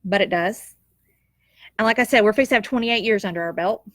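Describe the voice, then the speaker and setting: A woman's voice: medium pitch, a little fast, fairly bright tone, dry recording, studio quality. Heartfelt woman telling her story. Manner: emotional, tearful at times, heartfelt and reflective. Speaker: nurse sharing a personal story. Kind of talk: personal storytelling monologue.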